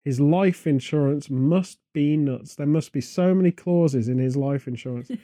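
A man rambles from one absurd idea to the next in a deadpan comic chat. His voice is mellow and a touch high for a man. It is recorded close and dry, with no room sound. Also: normal speed, no echo. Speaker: podcast co-host.

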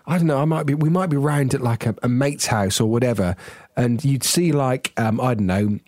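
A man's voice: medium pitch, brisk, a little mellow, no room sound, clean studio sound. A middle-aged man, chatting as a podcast co-host and telling stories about himself with many restarts and a self-mocking tone. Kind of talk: casual chat.

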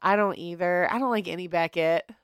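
Smooth-voiced woman podcast co-host. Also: on the low side, brisk, no room sound, clean studio sound. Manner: giggly, reads stories aloud. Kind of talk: casual chat and storytelling.

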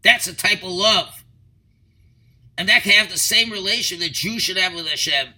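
Guy giving a torah lesson, really bright sharp tone, kinda husky, tells stories and asks questions. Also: high-pitched, normal speed, poor audio. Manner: earnest, explanatory storytelling with rhetorical questions. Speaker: rabbi teaching a class. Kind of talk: Torah lecture.

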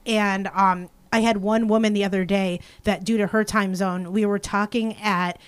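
A woman chats loosely on a casual podcast, rambling from point to point. Her talk is full of 'like', with sentences that stop and restart as she goes. Her voice sits at an ordinary middle pitch. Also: steady tone, moderate pace, clear, resonant tone. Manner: rambling and chatty, heavy use of 'like'. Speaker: podcast co-host.

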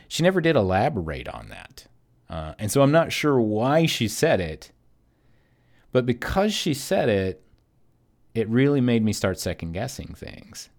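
A man's voice: low voice, darkish tone. A man hosting a solo podcast, telling a personal story in a reflective, hesitant way with many fillers. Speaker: podcast host.

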